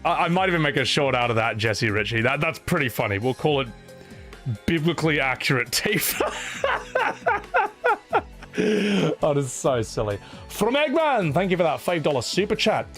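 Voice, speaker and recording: Sarcastic male streamer, lively swooping delivery, slightly high voice, light music under him. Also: fairly quick. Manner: animated, sarcastic, swears, says "man" a lot. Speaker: streamer reading super chats. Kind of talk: casual live-stream chat.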